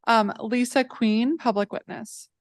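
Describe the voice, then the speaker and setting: A woman runs a public hearing, calling witnesses politely and briskly. Her voice sits a little high. The sound is dry and close. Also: fairly even intonation, dry recording. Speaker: hearing chair.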